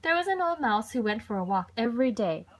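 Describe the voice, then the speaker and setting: A mother reading children's stories aloud at bedtime, gentle and expressive, with a rhythmic delivery. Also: on the high side, brisk.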